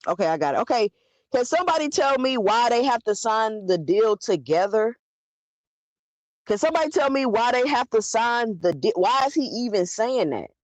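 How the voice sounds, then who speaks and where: A woman's voice: on the high side, very animated, normal speed, no room sound. Blunt woman host talking to chat. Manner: blunt, argumentative, talks straight to the chat. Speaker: livestream host. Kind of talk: live commentary talking to chat.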